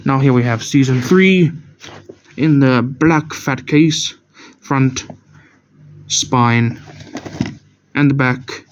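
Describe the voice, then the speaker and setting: Drawing out his words with long pauses, a young man in a mid-range voice narrates a casual tour of his DVD collection. He rambles and corrects himself when he trips over words, and the dull lo-fi camera audio carries a little hiss or hum.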